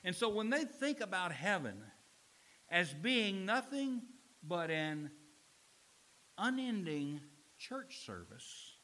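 A middle-aged man preaching a sermon as pastor. He swings from loud, emphatic lines to low, quiet ones. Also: sing-song, slow pace, pauses often, poor audio.

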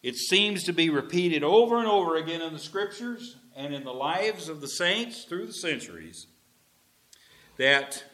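A man preaching a sermon as pastor, animated, with folksy asides to the congregation. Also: a little high, moderate pace.

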